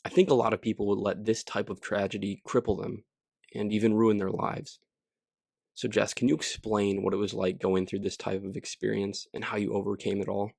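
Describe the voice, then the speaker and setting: Gravelly low-voiced Midwestern man hosting. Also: little pitch movement, brisk, a little mellow, no echo, studio quality. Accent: Midwestern American. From Wisconsin, USA. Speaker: podcast host. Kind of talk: upbeat podcast interview.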